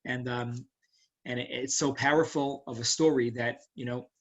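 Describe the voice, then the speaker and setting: A man's voice: mid-range voice, moderate pace, muffled recording. A man teaching a Torah lesson as a rabbi, explaining verses in a casual, storytelling way with frequent asides. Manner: casual, animated storytelling with frequent "right?" and "you know".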